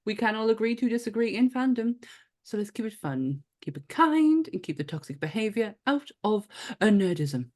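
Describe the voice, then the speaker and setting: Northern english lady hosting a podcast, bouncy expressive voice, jokey and chatty. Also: medium pitch, moderate pace. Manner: playful and chatty, laughs often. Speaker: podcast host. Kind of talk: casual podcast chat.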